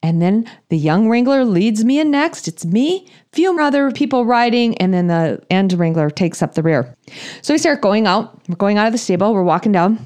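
Woman, 30s to 40s, comic storyteller, animated, self-deprecating, mid-pitched. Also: moderate pace. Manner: animated, self-deprecating, acts out her thoughts. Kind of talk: humorous personal storytelling.

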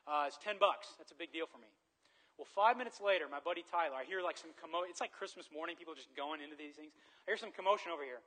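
Animated, bright-voiced male preacher. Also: on the high side, fast talker, low-quality recording. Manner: animated storyteller, swings from loud excitement to quiet earnestness. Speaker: pastor. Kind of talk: sermon with personal story.

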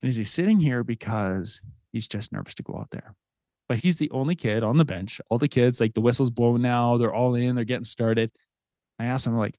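A man's voice: medium pitch, brisk, a little mellow, no echo. A man in his thirties, a podcast host, telling a personal story in an earnest, conversational way with fillers. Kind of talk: casual storytelling.

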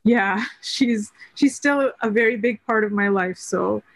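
A woman in her thirties, appearing as a podcast guest, tells a personal story in casual conversation, soft-spoken and hesitant with many fillers. Her medium-pitched voice is a little slow and creaky, on a dry recording with poor audio.

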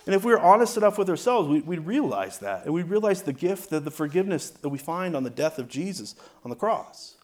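A man, a pastor, preaching a conversational sermon, often asking "right?" and shifting his loudness for emphasis. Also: a little high, big pitch swings, a little fast, hardly any pauses.

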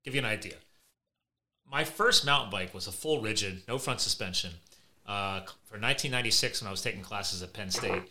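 A man hosting a podcast, telling animated, chatty anecdotes. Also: fairly low pitch, fairly quick. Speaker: podcast host. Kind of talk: casual conversation.

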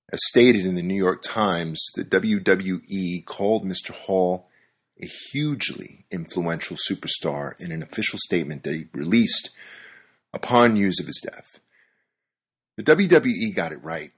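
Low, husky man with a wry delivery. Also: a bit bright. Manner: wry, conversational, amused. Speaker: commentator. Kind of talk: scripted monologue.

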